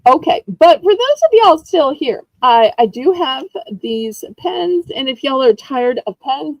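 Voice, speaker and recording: Woman, relaxed seller who chats as she goes, slightly high voice, dry close recording. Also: unhurried, few pauses, no echo, poor audio. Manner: chatty, rambling storyteller with frequent laughs. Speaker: live-stream auction host. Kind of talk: casual live-stream selling chat.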